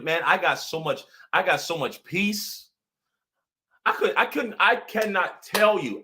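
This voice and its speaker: A man hosting a casual motivational livestream as pastor and coach, animated, often laughing and repeating his points for emphasis. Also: on the high side.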